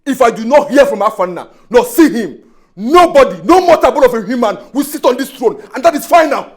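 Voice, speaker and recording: A man's voice: extremely high pitch, animated, a little fast, breathy edge, heavily acted. A man playing a defiant prince who refuses the throne and threatens, with a Nigerian accent. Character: hot-headed prince threatening to burn the palace.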